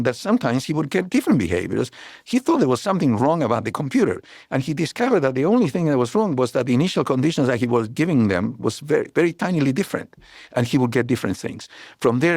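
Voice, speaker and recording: Older man with a gravelly voice. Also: medium pitch, quick pace, dry recording, clean studio sound. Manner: digressive, anecdotal, many restarts, animated storytelling. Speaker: guest scientist. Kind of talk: relaxed explanatory interview talk.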